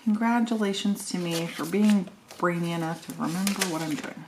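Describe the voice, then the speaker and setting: A woman's voice: fairly low pitch, normal speed, noisy background. A woman chatting casually and thinking aloud while decorating a planner, joking at her own expense. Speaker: planner vlogger.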